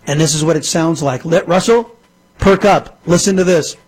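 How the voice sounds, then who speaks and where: A man's voice: on the high side, moderate pace, very noisy. A man hosting a talk radio show, delivering an emphatic, indignant political monologue with lots of repetition into a studio microphone.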